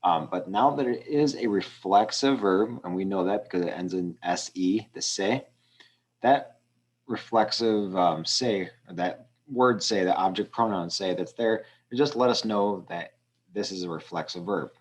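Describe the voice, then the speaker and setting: Low-voiced male teacher, relaxed walkthrough. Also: a little slow. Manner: relaxed, many ums, explains step by step. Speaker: Spanish teacher. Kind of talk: screen walkthrough lesson.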